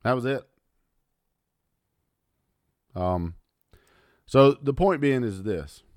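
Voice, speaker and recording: A man ranting angrily on his podcast, swearing often and lurching from low mutters to loud outbursts. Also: expressive, unhurried, no room sound, studio quality. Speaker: podcast host. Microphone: audio only, close mic.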